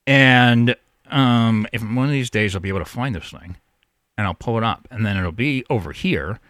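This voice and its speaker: A man's voice: medium pitch, normal speed, fairly bright tone, dry recording, studio quality. A man hosting a call-in show, rambling, profane and stammering through restarts in a casual monologue. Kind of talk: casual talk radio monologue.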